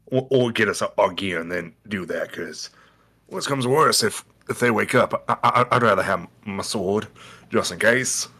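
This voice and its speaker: A man's voice: lowish voice, moderate pace, pushed and bright, breathy edge. A man playing a tabletop game, talking in a put-on Southern drawl with stammered restarts. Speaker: player. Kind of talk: casual chat, playing a character.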